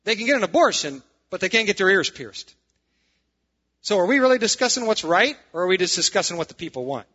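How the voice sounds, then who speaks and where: A man's voice: high-pitched, big pitch swings, fast, sharp tone, highs cut off. A man preaching as a pastor, reading scripture aloud and adding sarcastic, emphatic asides. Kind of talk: sermon.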